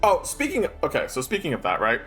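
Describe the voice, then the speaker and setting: A man streaming a game, chatting in an excitable, rambling way. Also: fairly high pitch, quick pace, music in the background. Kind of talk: casual chat while playing.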